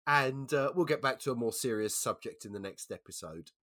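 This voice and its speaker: A man hosting a relaxed podcast, his voice lively and swinging widely in pitch as he spins a long joke. Mid-pitched and chatty, he builds scenes with gusto. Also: a little fast. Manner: animated storyteller. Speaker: podcast host. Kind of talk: casual chat and joke telling.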